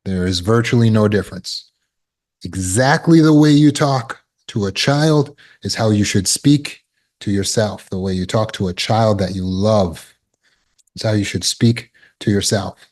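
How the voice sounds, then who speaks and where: A man's voice: fairly low pitch, measured pace, darkish tone. A man giving a motivational talk as a self-help teacher, emphatic and repetitive, explaining with everyday examples.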